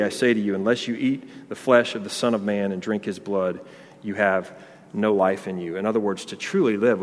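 A pastor giving an earnest, conversational sermon, mixing Scripture readings with casual asides and fillers. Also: male voice, fairly low pitch, big-room sound.

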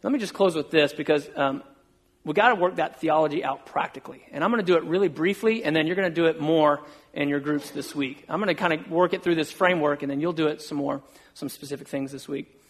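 A man's voice: a little high, fast talker. Conversational male pastor preaching. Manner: conversational and self-deprecating, acts out quoted dialogue. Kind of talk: sermon.

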